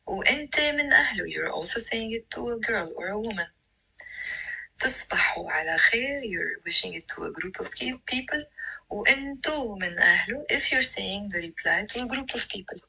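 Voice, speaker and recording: Lebanese woman, language teacher; crisp, measured phrase drills, breathy edge. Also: medium pitch, bright, forceful tone, rough recording. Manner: clear, measured repetition of phrases. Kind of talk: scripted phrase lesson.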